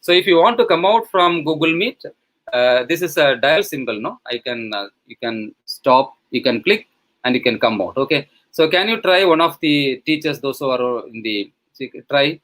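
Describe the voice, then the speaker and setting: A man with an Indian English accent walks listeners through a live online class demo, halting often with fillers and restarts. His voice has an everyday middle pitch and comes through a computer mic on a video call. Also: animated, fairly bright tone, rough recording. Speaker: webinar resource person, professor. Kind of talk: live online teaching demonstration.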